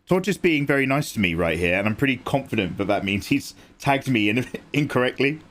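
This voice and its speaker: A man's voice: medium pitch, lively intonation, brisk, fairly bright tone. A young man, chatting casually with viewers and explaining his drawing as he works on a livestream. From England. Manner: chatty, reads and answers chat, explains as he works. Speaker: livestream artist.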